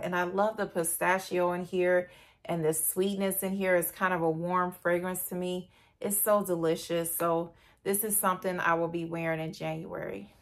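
A woman beauty vlogger chatting casually and gushingly to her viewers in a perfume review. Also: fairly low pitch. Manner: gushing, chatty, addresses viewers as "you guys".

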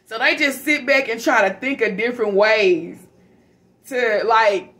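A woman giving a casual, profane tarot reading to her viewers, frank and animated. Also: fairly high pitch, unhurried. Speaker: tarot reader.

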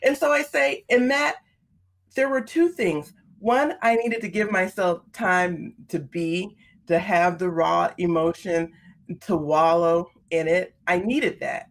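A woman guest telling a personal story in an earnest, expressive, conversational way. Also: fairly low pitch, slow pace. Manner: expressive, earnest, talks through her feelings openly. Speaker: podcast guest.

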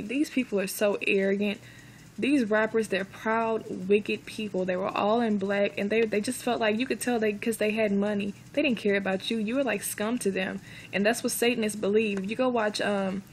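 Gravelly-voiced woman telling a rambling story. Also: mid-range voice, slight background noise. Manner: rambling, earnest, many fillers and restarts. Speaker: vlogger recounting a dream. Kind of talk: casual storytelling monologue.

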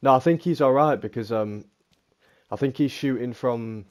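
A man's voice: mid-range voice, normal speed. A young man, a gaming teammate swearing casually and calling out positions. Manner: relaxed and sweary, gives position callouts. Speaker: gamer teammate. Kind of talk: casual game callouts.

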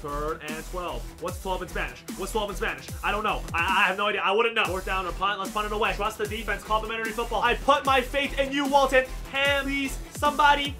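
A fast-talking gameplay streamer rattles off hyped commentary, bragging and chanting catchphrases between bursts of yelling. Game music plays clearly underneath the voice. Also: mid-range voice, steady tone. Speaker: gaming streamer.

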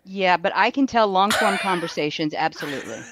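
A woman's voice: fairly low pitch, brisk, fairly bright tone, no echo. A woman co-hosting a casual live-stream chat, dry and teasing. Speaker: co-host.

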